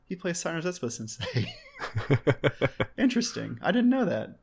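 A man's voice: a little high, very animated, normal speed, gravelly, husky. A young man co-hosting a podcast, chatting casually with a wry tone, laughing easily and restarting his sentences. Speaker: podcast co-host. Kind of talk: casual chat about an anime.

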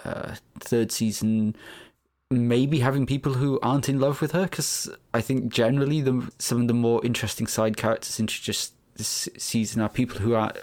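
A man's voice: mid-range voice, steady tone, normal speed, darkish tone. A man co-hosting a podcast, chatting casually and musing aloud with frequent hesitant restarts. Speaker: podcast co-host. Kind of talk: casual review chat.

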